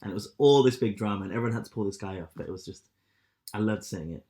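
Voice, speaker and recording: A man in his thirties co-hosting a podcast, telling stories with lots of swearing and loud acted-out quotes. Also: lowish voice, fast talker. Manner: animated storyteller, swears a lot, acts out quotes loudly. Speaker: podcast co-host. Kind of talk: casual chat.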